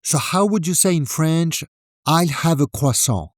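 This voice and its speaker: Slow, deliberate man teaching bakery phrases. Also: fairly high pitch, dry recording, clean studio sound. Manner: calm, deliberate, demonstrates phrases in French. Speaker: French language teacher. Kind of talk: scripted instructional narration.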